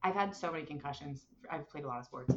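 Young woman, casual animated storyteller with lots of "like"s, slightly muffled recording. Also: low voice, fast talker. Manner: animated, many fillers, acts out voices in quotes. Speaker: guest telling a personal story.

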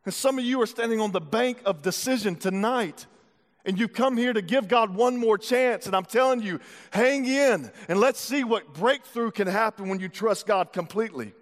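A man's voice: high-pitched, normal speed. A man preaching a sermon, retelling a scripture story in a casual, slangy way before moving into teaching. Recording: long hall reverb.

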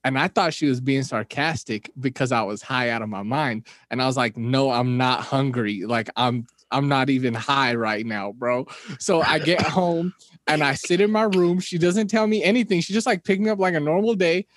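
A man's voice: medium pitch, moderate pace, no echo. Young man rambling on a dry mic. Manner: rambling, laughing, frequent restarts. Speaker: podcast co-host. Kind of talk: casual storytelling chat.

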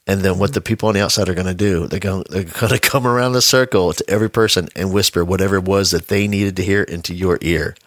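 Deep-voiced man telling a story in a dry room. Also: fairly even intonation, fast, few pauses, fairly bright tone, no echo. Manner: laid-back storyteller, chuckles mid-sentence. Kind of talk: casual podcast conversation.

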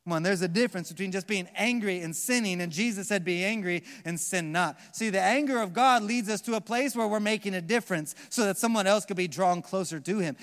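American male pastor, fairly high voice, live sermon, dynamic soft-to-loud delivery, long church-hall reverb. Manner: preaching with emphatic swings between soft and loud.

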